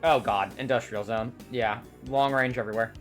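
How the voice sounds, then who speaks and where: A reaction video host chatting casually, excitable and laughing often. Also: medium pitch, moderate pace, soft background music.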